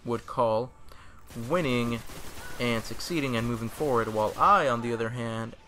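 Bright-voiced young man rambling jokily. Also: medium pitch, moderate pace. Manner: rambling, self-deprecating joking. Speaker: gaming channel host. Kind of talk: casual voice-over commentary over gameplay.

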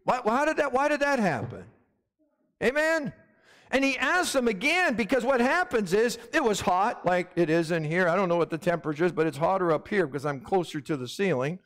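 Male pastor with a high voice, emphatic sermon delivery and congregational call-outs, in a long-reverb sanctuary. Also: a little fast, fairly bright tone. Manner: emphatic, calls for "Amen?" from the congregation. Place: hot church sanctuary with fans running.

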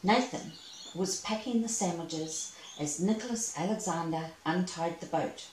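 A woman reading a children's storybook aloud, gentle and expressive with playful asides. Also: fairly low pitch, a little slow, far from the mic, slight background noise. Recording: echoey room, away from mic.

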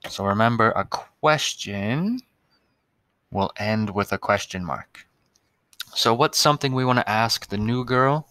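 A man's voice: on the low side, animated, measured pace, fairly bright tone, clear, resonant tone, no echo. A male teacher giving a recorded lesson to young students, patient and spelling out words one by one.

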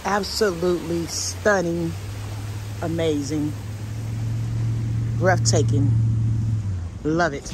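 A woman's voice: lowish voice, very slow, long pauses, very noisy. Chatty woman vlogging a cruise. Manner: chatty, candid, uses y'all. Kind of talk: casual travel vlog chat. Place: outdoors on shore, then aboard a ship.

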